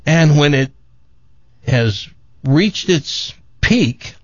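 A male morning radio host telling a long joke, acting out the characters in a lively way. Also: fairly high pitch, extremely slow, no room sound, highs cut off. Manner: animated storyteller, acts out characters.

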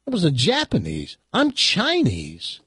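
A man playing a dazed bar patron, dry and deadpan, with a husky voice. the pitch swings up and down widely in a dry, close sound. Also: a little slow, dry recording, exaggerated voice.

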